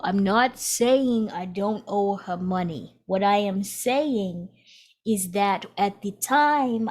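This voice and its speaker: Lady doing a grumpy old ancestor spirit, rambly and defensive, slow. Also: medium pitch, a little mellow.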